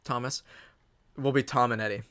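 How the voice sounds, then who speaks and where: A man's voice: mid-range voice, fairly even intonation, normal speed, crowd noise. A young man co-hosting a podcast, chatting casually, joking around with lots of fillers. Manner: joking, filler-heavy, laughs often. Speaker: podcast co-host. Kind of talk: casual chat.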